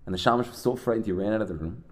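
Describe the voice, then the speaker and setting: A man teaching a Torah class, telling Hasidic stories in a conversational, halting way peppered with Yiddish and Hebrew terms. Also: fairly low pitch.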